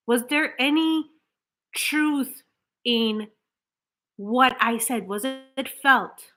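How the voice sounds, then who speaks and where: A manifestation coach gives an earnest motivational talk straight to camera in a slightly high, bright voice, drawing out words and leaving long pauses. She uses rhetorical questions and small restarts, and acts out flat, hollow example affirmations.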